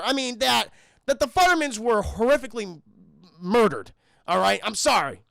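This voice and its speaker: A man's voice: very high voice, expressive, moderate pace, creaky, fairly bright tone, dry recording. A young man recapping a film on a live stream, swearing freely and constantly addressing his chat.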